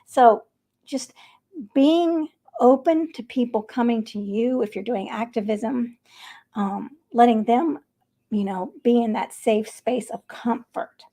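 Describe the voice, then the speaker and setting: A middle-aged woman talking earnestly and gently, coaching her viewers in a casual vlog. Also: on the high side, slow. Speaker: vegan vlogger. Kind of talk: casual advice talk to camera.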